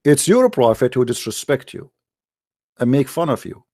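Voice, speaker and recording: A man's voice: mid-range voice, sing-song, moderate pace, darkish tone. A man hosting a heated religious debate in non-native English, combative and mocking, often repeating himself. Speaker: debate show host.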